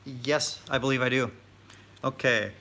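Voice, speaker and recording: A man co-hosting a casual travel live stream on a phone, easygoing and measured. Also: medium pitch, steady tone, noisy background. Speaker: travel vlog co-host.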